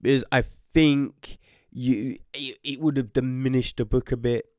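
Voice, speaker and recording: A man casually reviewing a book, animated, with frequent swearing, exclamations and restarts. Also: medium pitch, measured pace, no echo, studio quality.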